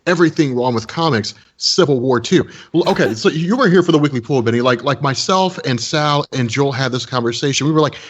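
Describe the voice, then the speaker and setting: A man's voice: medium pitch, brisk, hardly any pauses, husky, lo-fi sound. A man on a comics podcast ranting bluntly, rambling and repeating words as he swears. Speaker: podcast co-host and comics video maker. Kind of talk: casual podcast rant.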